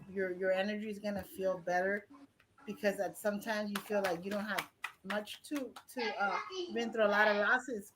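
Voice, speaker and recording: A woman's voice: mid-range voice, noisy background. A woman with a Mexican accent giving a blunt, profane, rambling tarot reading on a live stream. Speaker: tarot reader.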